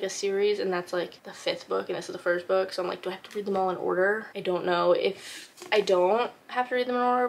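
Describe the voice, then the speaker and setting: A woman's voice: mid-range voice, creaky, a little hiss or hum. A young woman vlogging about her book pile in a chatty, rambling way, often correcting herself. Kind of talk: casual chat. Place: home room by bookshelves.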